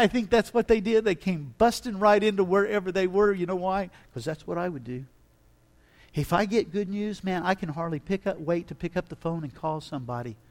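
High-voiced man preaching dramatically. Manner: dramatic, swings from hushed to loud and emphatic. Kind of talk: sermon.

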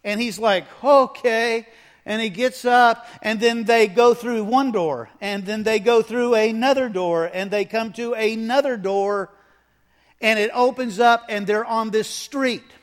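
A man preaching a sermon, telling a story with animated delivery and acting out the scenes. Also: sits high, measured pace. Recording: echoey hall reverb.

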